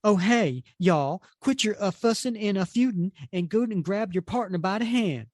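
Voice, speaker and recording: Recorded cleanly in a studio with no room sound, a man voices a young male hero who adopts a folksy prairie cowboy drawl. The voice is high-pitched, pitched above his natural register, with lively intonation and a moderate pace.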